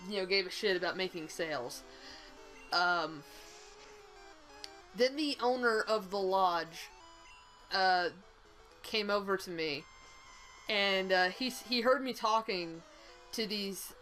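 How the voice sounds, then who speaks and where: A woman's voice: medium pitch, fairly bright tone, rough recording. A young woman with a Southern US accent, co-hosting a game stream, telling a story in a rambling, blunt way and swearing freely. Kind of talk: casual storytelling chat.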